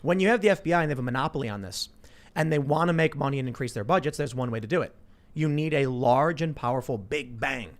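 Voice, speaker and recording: A man's voice: mid-range voice, quick pace. A man in his thirties hosting a casual political talk show, reading news aloud and riffing with lots of restarts. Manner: animated, reads news aloud then riffs with restarts. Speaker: podcast host.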